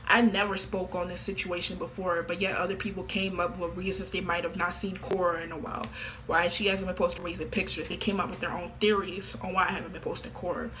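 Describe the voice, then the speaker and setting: Teen woman vlogger, bright forward voice, flat blunt delivery, faint noise behind. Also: on the low side, fast talker. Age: teens. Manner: blunt, offhand and flippant. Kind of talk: casual monologue to camera.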